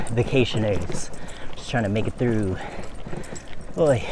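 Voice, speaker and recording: A man's voice: mid-range voice, background noise. Breathless man vlogging on a bike. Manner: chatty and breathless, laughing often. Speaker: cycling vlogger. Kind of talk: casual vlog while riding. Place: outdoors, riding a bike uphill. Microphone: phone camera held while cycling.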